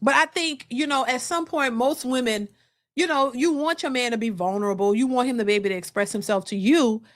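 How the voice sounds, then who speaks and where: Woman, emphatic casual livestream talk, fairly high voice, dry sound. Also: a little fast, no echo. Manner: animated, emphatic, restarts often. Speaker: host of a reaction channel.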